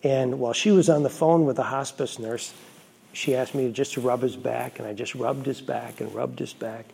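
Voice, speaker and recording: A Catholic priest, a middle-aged man, telling a personal story in a homily in an earnest, reflective way with quiet asides. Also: mid-range voice, normal speed, gravelly, a little hiss or hum.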